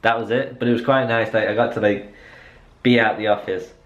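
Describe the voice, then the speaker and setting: A man's voice: lowish voice, fairly even intonation, brisk, a bit bright, lo-fi sound. A young man chatting in a rambling, self-mocking way as a vlogger. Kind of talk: casual vlog chat.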